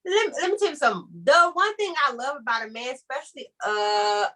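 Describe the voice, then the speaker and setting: A woman's voice: high-pitched, big pitch swings, brisk, pushed and bright. A woman in her twenties talking as a guest in a casual conversation, speaking emphatically and repeating phrases for emphasis. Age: 20s.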